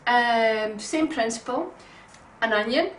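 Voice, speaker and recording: A woman giving a relaxed, homely cooking demonstration in her kitchen, chatting along with frequent ums. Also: on the high side, slow pace, slight background noise. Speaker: home cook. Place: home kitchen. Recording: roomy kitchen sound from a distant mic.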